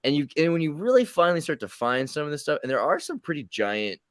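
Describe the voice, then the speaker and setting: A man's voice: fairly high pitch, very animated, fast talker, no echo. A man telling rambling, jokey stories in casual chat, putting on mock voices for the people he quotes.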